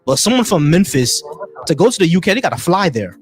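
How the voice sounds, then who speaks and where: A man's voice: a little high, very animated, fast. Laid-back man hosting casual chat. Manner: laid-back, stumbling restarts, laughs often. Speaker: podcast host.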